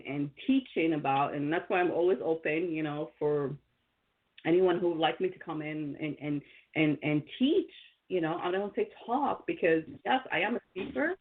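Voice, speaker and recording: A woman hosting a motivational talk show, speaking in a rambling way with many fillers and restarts. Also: medium pitch. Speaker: podcast host and coach. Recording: tinny phone-like line.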